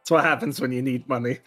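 A man's voice: medium pitch, a bit bright. A man playing in a tabletop game, joking and bantering in character. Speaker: player.

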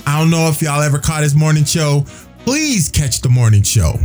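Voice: mid-range voice, sing-song, moderate pace, darkish tone, faint music behind. A radio host chatting casually on air, emphatic and preachy, repeating phrases for effect.

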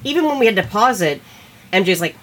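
A woman co-hosts a loose movie podcast, her pitch swinging widely as she laughs and swears. Steady noise sits under the recording. She sounds like she is chatting with friends at home. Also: quick pace. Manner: profane, laughing, animated. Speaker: podcast co-host. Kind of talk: casual movie review chat.

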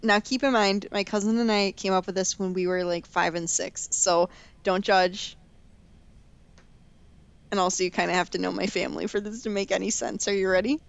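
A woman's voice: mid-range voice, steady tone, normal speed, creaky. A young woman in her twenties co-hosting a casual chat, a playful storyteller who laughs often. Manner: chatty, giggly, playful storyteller. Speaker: podcast co-host.

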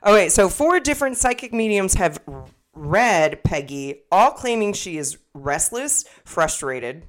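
A woman's voice: mid-range voice, very animated, measured pace. A young woman co-hosting a podcast in casual chat, rambling and swearing freely, often restarting her sentences. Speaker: podcast co-host.

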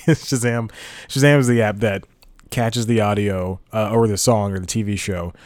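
A man's voice: on the low side, steady tone, moderate pace, darkish tone, dry recording. A man hosting a casual solo podcast, rambling and laughing at his own jokes. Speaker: podcast host.

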